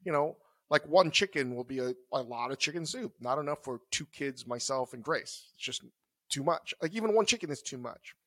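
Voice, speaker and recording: A man's voice: mid-range voice, lively intonation, brisk, a bit bright, no echo. Man rambling casually on a podcast. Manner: rambling, loose and conversational. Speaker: podcast co-host. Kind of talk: casual chat.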